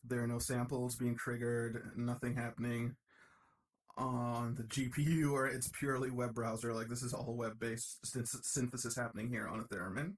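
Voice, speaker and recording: A man talking casually while live-coding, excitable and enthusiastic, thinking aloud as he works in his home studio. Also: medium pitch, normal speed. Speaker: developer live-coding a project. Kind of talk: casual live-stream commentary. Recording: loud steady hiss over the voice.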